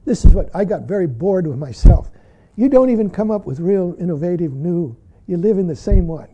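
A man's voice: high-pitched, expressive, fairly quick, mellow, lo-fi sound, slight background noise. A man giving a dharma talk as a Zen teacher, blunt and teasing, who laughs readily and keeps saying "see".

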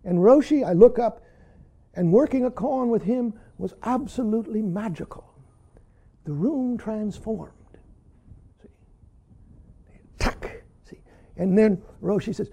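An older man giving a Zen dharma talk as teacher, who keeps saying "see" and swings between loud emphasis and hushed whispers. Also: high-pitched, measured pace, vocal fry, long pauses.

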